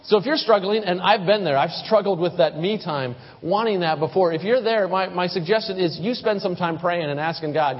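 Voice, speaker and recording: A man's voice: high voice, fairly quick, husky. A man preaching a sermon as pastor, speaking conversationally and often repeating his first words. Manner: conversational, repeats words when starting sentences. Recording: dull lo-fi sound with long hall reverb.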